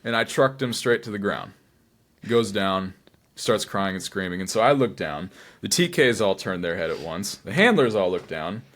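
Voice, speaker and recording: A low-voiced man spins a dramatic tale. His pitch swings widely as he plays out his own panicked thoughts in hushed asides. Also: lively intonation, moderate pace. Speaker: cosplayer guest. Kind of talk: animated storytelling.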